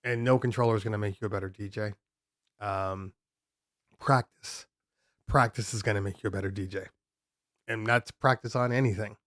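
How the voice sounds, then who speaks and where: A man's voice: lowish voice, steady tone, moderate pace, long pauses, fairly bright tone, no room sound, studio quality. A man hosting a DJ live stream, answering viewer questions in a loose, rambling way with many ums and restarts. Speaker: DJ podcast host. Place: home studio room.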